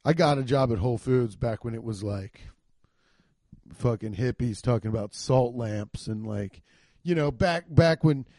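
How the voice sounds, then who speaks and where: A man's voice: medium pitch, measured pace, no echo, studio quality. A man hosting a podcast, telling comic stories in a profane way and acting out quotes in goofy voices. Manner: animated, profane, acts out quotes in silly voices. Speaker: podcast host. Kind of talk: comedic storytelling.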